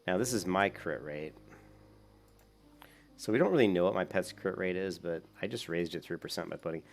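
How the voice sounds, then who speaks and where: A man's voice: deep voice, normal speed, gravelly, faint music behind. A man giving casual, rambling commentary while playing an online game, with many fillers. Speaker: gaming YouTuber.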